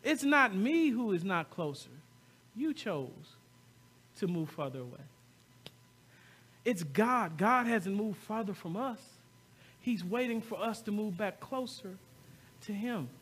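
A man's voice: sits high, lively intonation, slow pace, pauses often, fairly bright tone, slightly rough. A male pastor preaching a sermon, often repeating words and calling on the congregation to respond.

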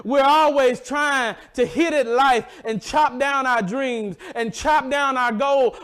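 High-voiced preaching pastor. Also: male voice, a bit bright. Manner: emphatic preaching, calls out to congregation members by name. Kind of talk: sermon.

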